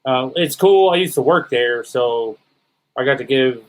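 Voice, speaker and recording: A man co-hosting a podcast in relaxed chat, laid-back with dry humor. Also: medium pitch, unhurried, low-quality recording. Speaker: podcast co-host.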